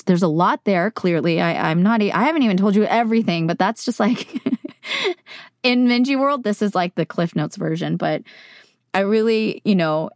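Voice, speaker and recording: A woman's voice: medium pitch, darkish tone, dry recording, studio quality. A woman from California, a voice actor, talking earnestly and openly to her viewers in a casual, filler-heavy way. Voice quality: casual, heavy use of "like", mild swearing. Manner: earnest, reflective, emotionally open. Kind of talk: candid personal monologue to viewers.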